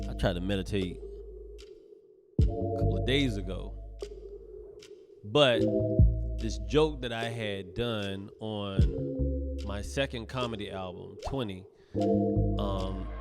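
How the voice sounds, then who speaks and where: A comedian's solo podcast monologue from a man with a lowish voice, swearing freely and cutting himself off mid-thought to start again. Loud music plays behind him the whole time. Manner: rambling, profane, self-interrupting.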